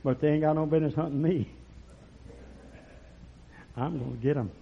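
Man, pastor, fiery folksy sermon, rough gravelly tone, slightly high voice, dull lo-fi sound. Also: steady tone, normal speed. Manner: folksy, dramatic, swings from murmurs to shouts. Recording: lo-fi recording.

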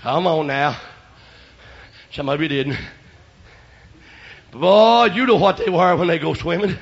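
Gravelly-voiced preacher shouting a testimony. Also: male voice, on the high side, normal speed. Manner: shouting in bursts, then dropping to quiet asides. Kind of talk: revival sermon with testimony. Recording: lo-fi church recording.

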